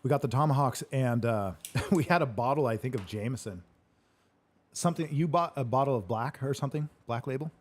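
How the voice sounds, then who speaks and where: A man's voice: mid-range voice, a little fast. A man hosting a casual question-and-answer chat, rambling through a story, laughing often and swearing casually. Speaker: host answering live questions.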